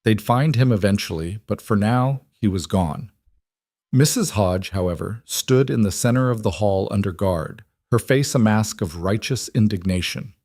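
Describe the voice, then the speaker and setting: A man narrating a romance story in a measured, dramatic way. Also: lowish voice, a little mellow, dry recording, clean studio sound.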